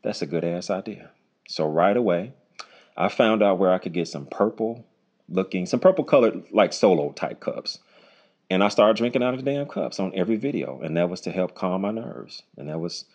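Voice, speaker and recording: A man hosting his own unscripted solo podcast, talking bluntly and casually with lots of swearing, his voice jumping high when he jokes. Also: muffled recording. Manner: voice jumps high when joking. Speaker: podcast host. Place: home recording, unedited.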